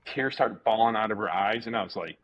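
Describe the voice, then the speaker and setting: A man, a martial arts instructor, telling stories casually as a guest, animated, repeating words and swearing freely. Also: fairly low pitch, fairly quick. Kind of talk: casual storytelling interview. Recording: dull lo-fi podcast audio.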